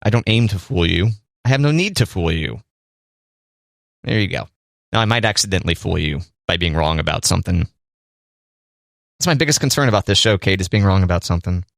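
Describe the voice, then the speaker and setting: A man's voice: sits low, lively intonation, a little fast, gravelly, pauses often, fairly bright tone, dry recording, studio quality. A man co-hosting a casual podcast chat, joking and speaking directly to the listeners. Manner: playful, addresses listeners directly. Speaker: podcast co-host. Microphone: studio microphone.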